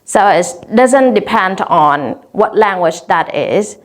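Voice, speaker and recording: A woman with a Vietnamese accent giving an instructional lesson on teaching English vocabulary, speaking clearly and deliberately and drawing out example words slowly. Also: mid-range voice, expressive.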